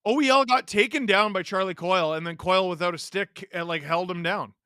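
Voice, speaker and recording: A man hosting a live hockey watch-along, giving excitable play-by-play reactions and sarcastically heckling the referees. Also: high-pitched, fairly quick, smooth, dry recording, clean studio sound.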